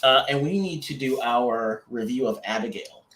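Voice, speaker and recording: A man co-hosts a casual couples podcast, his voice at an ordinary middle pitch. He rambles through restarts and fillers and teases his partner playfully. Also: moderate pace, fairly bright tone. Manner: playful teasing. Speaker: podcast co-host.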